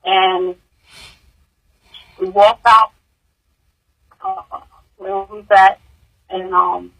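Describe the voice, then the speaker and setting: A woman, a grieving mother, giving emotional personal testimony in an interview, halting and repeating words, her voice rising high in distress. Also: steady tone, vocal fry, a bit bright, husky, low-quality recording.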